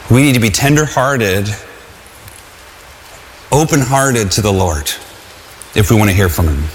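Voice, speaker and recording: A man preaching a sermon in an earnest, halting way, with restarts and calls that rise to shouts. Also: lowish voice, expressive, a little hiss or hum. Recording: long hall reverb.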